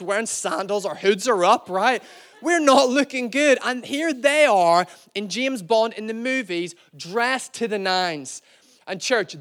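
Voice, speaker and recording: A man's voice: sits high, fairly bright tone. A man preaching a sermon, telling a playful, self-deprecating story and calling out to the church. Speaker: pastor.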